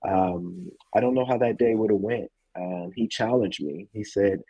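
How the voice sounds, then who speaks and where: Husky low-voiced man telling a story. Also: warm tone, dry recording, lo-fi sound. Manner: reflective, halting, with many fillers. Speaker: former college football player as guest. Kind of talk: casual interview storytelling.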